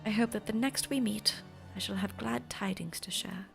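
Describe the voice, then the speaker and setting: A sly male schemer murmurs in a breathy whispered role-play, as a woman puts him on. His slow, silky words carry a gravelly rasp and a quiet villainous undertone. Faint music drifts behind him. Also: medium pitch, lightly acted. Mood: scheming. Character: sly scheming male character, soft-spoken.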